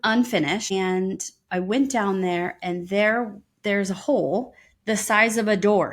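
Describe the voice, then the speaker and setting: Woman podcast co-host, casual storyteller, average pitch, frequent ums. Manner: lively retelling with frequent ums.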